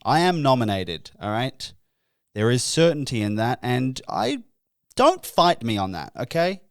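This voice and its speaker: Mock-pompous podcast host. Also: male voice, medium pitch, clear, resonant tone, no room sound, clean studio sound. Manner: mock-pompous, self-deprecating, with chuckles. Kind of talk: solo comedic podcast monologue.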